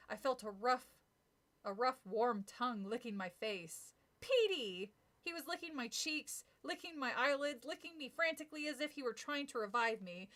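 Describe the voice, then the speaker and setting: Reading a children's horror book on a casual stream, this woman has a higher, slightly bright voice. She giggles, chats, and keeps pausing for asides and laughter.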